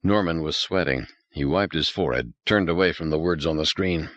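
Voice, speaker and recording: Brief: deep man, lively measured narration, dry and slightly dull sound. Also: no echo. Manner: measured and dramatic. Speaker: audiobook narrator. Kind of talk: scripted narration.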